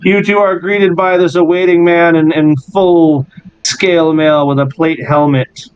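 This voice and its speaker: A man's voice: on the high side, fairly even intonation, a little slow, clear, resonant tone, no echo, dull audio. A man narrating a tabletop game as game master over an online voice call, in a loose, laughing style.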